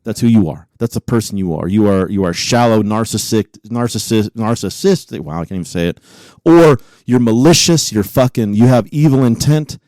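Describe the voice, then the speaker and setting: A man's voice: on the low side, lively intonation, fairly quick, hardly any pauses, a little mellow, no echo, poor audio. A man co-hosting a podcast in casual chat, swearing often and getting heated as he rants. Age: adult with a son. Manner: profane, heated rant. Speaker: podcast co-host.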